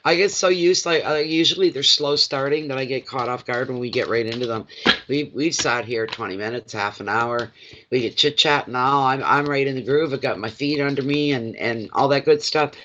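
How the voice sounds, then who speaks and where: Bright-voiced man doing a chatty tarot reading. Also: medium pitch, moderate pace, lo-fi sound, a little hiss or hum. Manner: chatty, joking and self-deprecating. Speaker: tarot reader. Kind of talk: live tarot reading with casual chat. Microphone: phone.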